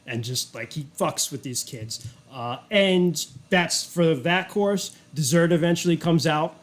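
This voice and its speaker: A man's voice: a little high, measured pace. A man narrating a tabletop game as game master, casual and rambling, with lots of fillers and some swearing.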